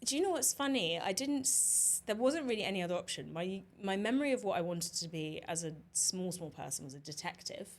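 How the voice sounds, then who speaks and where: A woman from southern England, a journalist guest on a podcast, talking quickly and with strong opinions, peppering her speech with "like" and "you know". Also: medium pitch, expressive. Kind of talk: casual interview chat.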